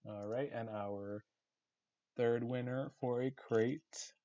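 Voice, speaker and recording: A man hosting an online game community meeting and announcing raffle winners in a flat, monotone voice. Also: mid-range voice, slow, dull audio. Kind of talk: casual live raffle announcing.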